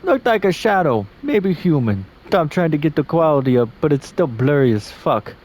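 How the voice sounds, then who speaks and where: A man's voice: on the high side, very animated, normal speed, a little mellow. A man voicing a chatty male office agent who gossips to a coworker in a put-on accent, loose and swearing. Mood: gossipy.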